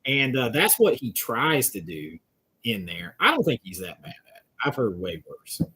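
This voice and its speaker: Man, husky voice, chatty livestream host, rambling, mid pitch. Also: huge pitch swings, normal speed, bright, forceful tone. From Georgia, US South. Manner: rambling, chatty, reads out viewers' comments. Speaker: channel host answering live chat. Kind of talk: casual livestream chat.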